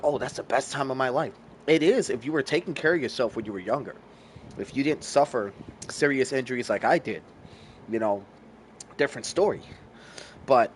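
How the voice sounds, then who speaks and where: A man in his thirties hosts a gaming livestream, talking to his viewers at an easy, rambling pace. His voice sits at an ordinary middle pitch, and he swears freely and casually between bites. A faint hiss of background noise runs underneath. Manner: chatting while eating. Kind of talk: casual stream chat with viewers.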